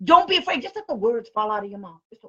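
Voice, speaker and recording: A woman's voice: fairly high pitch, sharp tone, slightly rough, muffled recording. A woman special education advocate talking casually to camera, blunt and outspoken, often laughing as she speaks.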